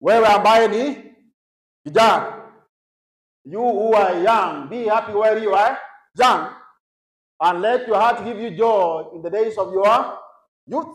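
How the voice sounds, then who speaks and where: A man's voice: high voice, takes it slowly, pauses often. Kenyan guy teaching youth in a big echoey hall, keeps getting the crowd to finish his lines. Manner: prompts the audience to finish his sentences; mixes English with Swahili phrases. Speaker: youth conference speaker. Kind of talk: teaching a session to a youth audience. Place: large echoey conference hall.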